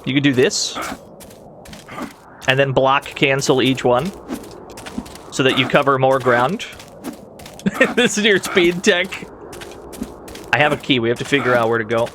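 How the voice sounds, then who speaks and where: A man's voice: mid-range voice, unhurried, pauses often, noisy background. A man giving casual, playful commentary while streaming a game, laughing often and making mock-dramatic remarks. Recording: game music under the voice.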